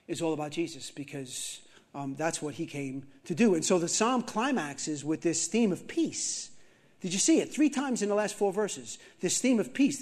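A male pastor preaching a sermon, moving between loud emphatic scripture reading and quiet, slow reflection, often repeating key phrases. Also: fairly high pitch.

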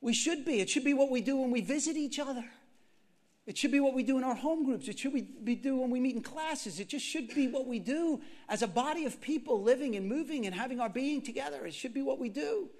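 A man preaching a sermon, animated, repeating phrases for emphasis and firing questions at the congregation. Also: very high-pitched, fairly quick. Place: church gathering.

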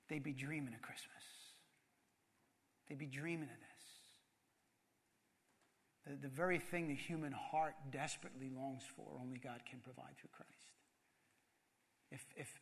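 Male pastor, high bright voice, animated sermon, repeats for emphasis, swings hushed to loud.

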